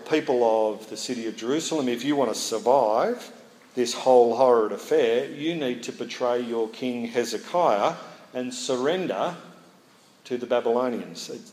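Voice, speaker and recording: A man preaching an expository sermon and acting out scenes in playful voices. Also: mid-range voice. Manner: lively, acts out scenes in funny voices. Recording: echoey hall, faint room noise.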